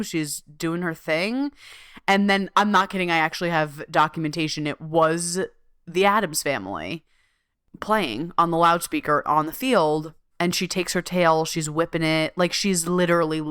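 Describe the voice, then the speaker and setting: Animated, laughing woman podcast host. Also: lowish voice, measured pace, clear, resonant tone, no echo, studio quality. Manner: animated, laughing, profane storyteller. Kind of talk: casual storytelling podcast.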